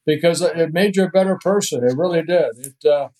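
A man's voice: fairly high pitch, a little fast, low-quality recording. Older man, from the netherlands, podcast guest, chatty storyteller, chuckles. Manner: chatty, lively anecdotes with chuckles. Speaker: guest, retired pitcher.

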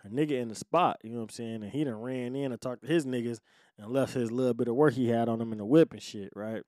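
A man's voice: fast, no echo, studio quality. Profane man telling a street story. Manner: profane street slang, acts out quoted voices; swings from low muttering to loud outbursts. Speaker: podcast host telling his life story. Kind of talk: casual storytelling.

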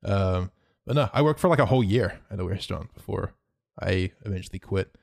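A man's voice: sits low, fairly quick, gravelly. A young man chatting casually on a podcast, telling a story loosely with lots of fillers. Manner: relaxed storytelling with many fillers and likes. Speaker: YouTuber, podcast guest. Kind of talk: casual chat.

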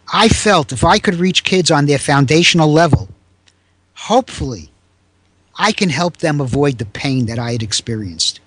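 An older man in his seventies tells a story from his teaching years with animated energy, raising his voice to play the people he quotes. His voice sits a bit high for a man, and the sound is dry and close. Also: moderate pace, breathy edge, dry recording. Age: 70s. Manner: animated, raises pitch to act out quoted people. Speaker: guest, former teacher. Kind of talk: storytelling in a conversation.

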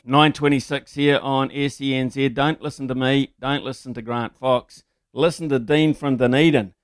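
Jovial New radio host, smooth voice. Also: male voice, mid-range voice, steady tone, normal speed, soft background music. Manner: jovial, matey and chatty. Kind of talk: talkback radio hosting.

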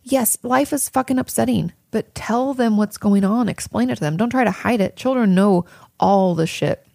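Frank, gravelly-voiced woman therapist. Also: mid-range voice, moderate pace, warm tone, dry recording, studio quality. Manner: candid and frank, swears freely, drifts into tangents. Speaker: therapist and podcast host. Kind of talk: casual advice podcast talk.

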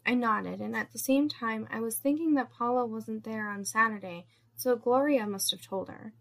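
A woman's voice: a little high, normal speed, gravelly, a bit bright. A woman narrating a first-person erotic story, reading with small slips and restarts.

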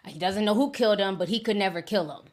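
A woman's voice: mid-range voice, quick pace, a little mellow. A woman hosting a celebrity news vlog, blunt and sassy, talking straight to her viewers. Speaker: host.

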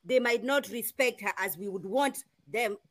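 A woman on a reaction chat panel, calmly and softly explaining her view. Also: a little high, moderate pace. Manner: calm, explains patiently in a soft voice.

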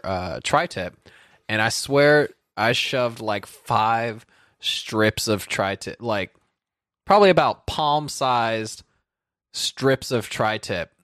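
A man's voice: fairly low pitch, a bit bright, no room sound. A man telling rambling, self-deprecating stories in a casual chat, as a podcast co-host.

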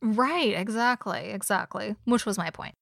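A woman co-hosting a true crime podcast in casual chat, animated and laughing, swearing often. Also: mid-range voice, moderate pace, vocal fry, no echo, clean studio sound. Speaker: podcast co-host.

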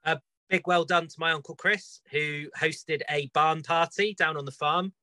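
A man's voice: fairly high pitch, fairly even intonation, moderate pace, bright, forceful tone, dry recording. A man on a casual video call chat, playful, sharing short anecdotes.

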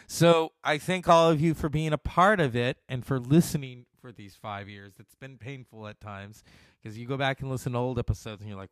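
A man's voice: medium pitch, moderate pace, a bit bright, no room sound, clean studio sound. A man in his forties hosting his own podcast, talking in a loose, profane and self-mocking way. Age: 40s. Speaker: podcast host. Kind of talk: casual solo podcast monologue.

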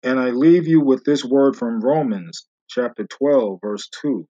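A male podcast host giving a calm, measured sign-off. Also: mid-range voice. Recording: dull lo-fi audio.

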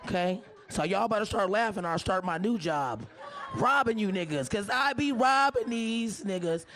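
A hoarse-voiced woman working a stand-up crowd, brash and foul-mouthed, constantly ribbing the people in front of her. Her delivery is loud and loose. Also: mid-range voice, expressive, normal speed, a little hiss or hum. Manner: brash, profane, teasing the audience. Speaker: stand-up comedian. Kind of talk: live stand-up set.

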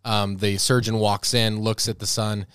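A man's voice: fairly low pitch, level tone, normal speed, fairly bright tone, smooth, no room sound, clean studio sound. A man co-hosting a podcast in casual chat, joking and rambling with fillers. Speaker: podcast co-host.

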